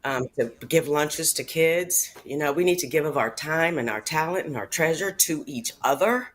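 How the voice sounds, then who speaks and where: A woman's voice: low-pitched, normal speed, slight background noise. A woman speaking earnestly and from the heart as a regular on a radio talk show, in casual conversation. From Chicago area. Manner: earnest, heartfelt, tearful at times.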